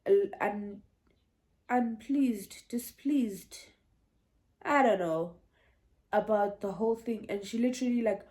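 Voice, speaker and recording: Unhurried young woman vlogger, chatty. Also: medium pitch, a little mellow. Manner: chatty, meandering, laughs and restarts. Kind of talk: casual storytime chat.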